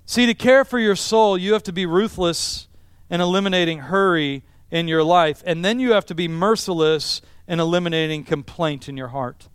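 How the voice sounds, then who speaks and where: A man's voice: sits high, normal speed, clear, resonant tone, no room sound, studio quality. A middle-aged male pastor preaching a sermon in an emphatic style, stacking repeated phrases for effect. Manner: emphatic, repetitive preaching cadence.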